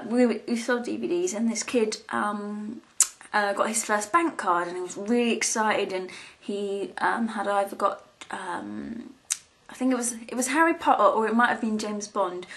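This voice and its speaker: A woman's voice: mid-range voice, normal speed, a bit bright. A young woman vlogging, chatting casually in a rambling, giggly way with many ums and restarts. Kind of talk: casual chat to camera.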